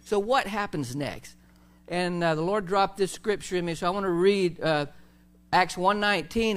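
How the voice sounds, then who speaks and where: Male pastor, high-pitched, informal preaching style with fillers. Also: fairly bright tone. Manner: conversational preaching with many fillers and restarts. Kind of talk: sermon.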